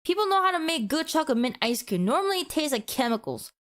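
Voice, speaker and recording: High-voiced woman streamer ranting playfully. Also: very animated, fast. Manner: mock-passionate, teasing, dramatic. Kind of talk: playful livestream rant.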